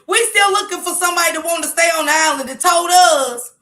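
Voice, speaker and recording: A woman's voice: sits high, moderate pace, bright, forceful tone. A woman doing sassy casual live commentary, talking back to clips. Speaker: commentary streamer.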